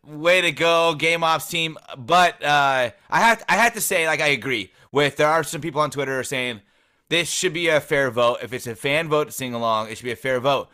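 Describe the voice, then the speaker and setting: A man's voice: a little high, normal speed, bright, forceful tone, clear, resonant tone. A man co-hosting a casual sports podcast, enthusiastic and opinionated. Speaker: podcast co-host.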